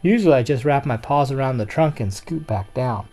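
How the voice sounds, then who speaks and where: A storyteller putting on a cheeky young tomcat from a read-aloud storybook. He talks eagerly and hopefully, his voice leaping upward whenever he gets excited. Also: soft background music. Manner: eager, hopeful and quick, pitch jumping up when excited. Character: curious, cheeky young male house cat.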